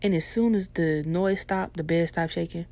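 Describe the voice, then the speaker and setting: A woman's voice: lowish voice, fairly even intonation, moderate pace, mellow. A young adult woman telling a personal story in a casual, laid-back and profane way.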